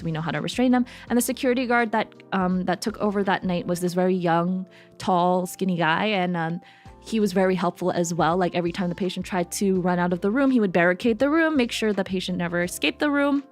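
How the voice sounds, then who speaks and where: A woman streamer with a medium-pitched voice tells a story from work in casual chat. She's animated and laughs often, acting out the people she quotes.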